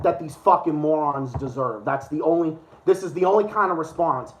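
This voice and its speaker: A man's voice: a little high, animated, normal speed, few pauses, fairly bright tone. A man hosting a livestream, ranting furiously with constant swearing and repeated insults. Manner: furious, profane, insulting, repetitive. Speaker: livestream host. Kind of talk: angry profane rant.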